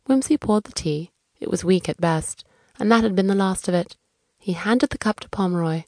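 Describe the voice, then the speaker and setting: A woman's voice: medium pitch, lively intonation, a little mellow, no echo. Dry-voiced woman reading a kids' story. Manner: clear, measured storytelling. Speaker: audiobook narrator. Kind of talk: children's audiobook narration.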